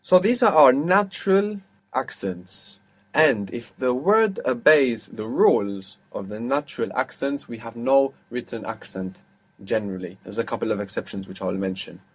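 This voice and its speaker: A man teaching an audio language lesson, patiently asking questions and repeating words slowly. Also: medium pitch, lively intonation, slightly rough.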